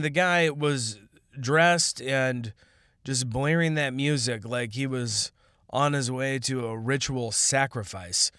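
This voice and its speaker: A man hosting his own podcast, ranting sarcastically in a rambling way that jumps from loud outbursts to muttered asides. His throat is irritated from allergies. His voice sits at an ordinary middle pitch, and the recording is close and dry. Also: dry recording. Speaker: podcast host. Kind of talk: casual ranting monologue.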